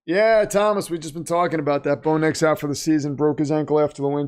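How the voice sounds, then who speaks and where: A man hosts a live-stream watch party and reacts to the chat in a chatty, sarcastic way. His voice sits a little high for a man. He jokingly plays the villain. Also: fairly even intonation, fairly quick, darkish tone. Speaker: watch party livestream host reading chat.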